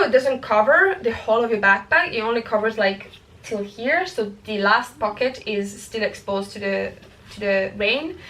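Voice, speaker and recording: A woman's voice: on the high side, fairly bright tone. A young woman casually walking through her hiking gear, talking with lots of fillers and restarts. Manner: chatty, many fillers and restarts. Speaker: hiking vlogger. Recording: voice a little far from the mic.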